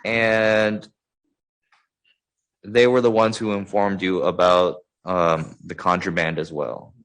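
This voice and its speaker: A man cross-examining a witness in a court hearing, measured and polite, with hesitant fillers. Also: deep voice, little pitch movement, fairly bright tone, clean tone, poor audio. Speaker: defense attorney.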